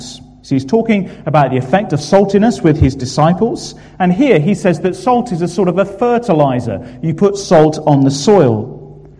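A man from England preaching a sermon, earnest and emphatic, pausing on fillers now and then. His voice is mellow and dark. It rings out with a long reverb from the church hall. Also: fairly high pitch, husky.

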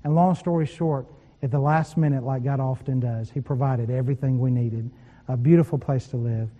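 A man's voice: medium pitch, steady tone, normal speed, big-room sound, lo-fi sound. A man preaching a sermon, telling personal stories with quoted voices and laughing at times. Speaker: pastor.

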